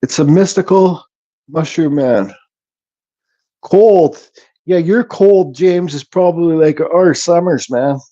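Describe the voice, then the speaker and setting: Man, fairly high voice, mellow tone, relaxed livestream chatter, dull lo-fi sound. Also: slow, pauses often. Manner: relaxed, reads chat comments aloud, mumbles. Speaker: livestream host. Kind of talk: casual livestream chat.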